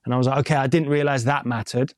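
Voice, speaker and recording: A man's voice: mid-range voice, fairly even intonation, fast, no room sound. Candid London man, dry close sound. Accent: London English. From England. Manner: candid, rambling, swears casually. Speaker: music producer and mix engineer. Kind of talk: casual interview chat.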